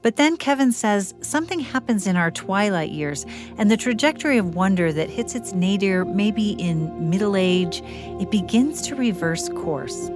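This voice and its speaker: A woman radio host reading scripted narration in a measured way. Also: medium pitch, animated, soft background music.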